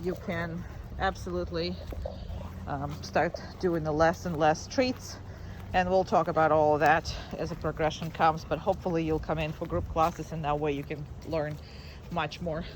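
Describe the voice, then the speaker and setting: A woman dog trainer who gushes high sing-song praise at a dog and explains the training to its owner in a relaxed, chatty way with fillers. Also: normal speed, slight background noise.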